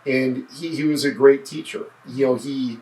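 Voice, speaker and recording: A man's voice: medium pitch, steady tone, moderate pace, a little mellow. A man talking earnestly and reflectively in a casual interview, often restarting his sentences. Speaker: podcast guest, former state senate candidate. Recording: roomy, mic at a distance.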